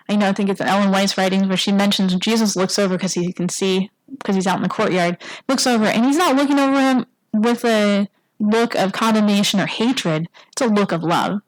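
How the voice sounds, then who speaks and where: A woman's voice: fairly high pitch, brisk, no echo, poor audio. A woman giving a conversational sermon in church. She keeps asking the congregation "right?" and acts out the quoted lines. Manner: casual, asks the congregation "right?" often. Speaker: church speaker. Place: church sanctuary.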